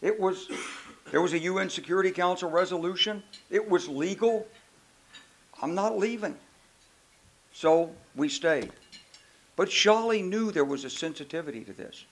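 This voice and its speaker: An older man, a retired general, telling anecdotes in an animated, emphatic way during a moderated conference interview. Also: high-pitched, normal speed, slight background noise. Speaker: retired general, keynote speaker. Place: conference stage.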